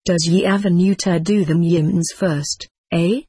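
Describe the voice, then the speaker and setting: A reader voicing a grey, shifty-eyed old tramp who speaks in a hoarse, anxious voice with rough slang in a storybook. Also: medium pitch, fairly even intonation, unhurried, mellow, no room sound, clean studio sound.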